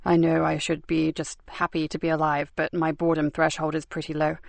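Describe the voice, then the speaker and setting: A woman voicing a tired, wounded male detective sergeant in a hospital bed, speaking low, slow and weary. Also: completely flat delivery, creaky, no room sound.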